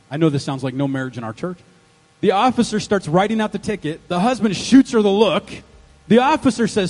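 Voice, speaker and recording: A male pastor gives an animated, humorous sermon and keeps asking the congregation questions. His voice is husky and high, and its pitch swings widely. A long reverb fills the church hall. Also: brisk. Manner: animated, joking, quizzing the congregation. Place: church sanctuary.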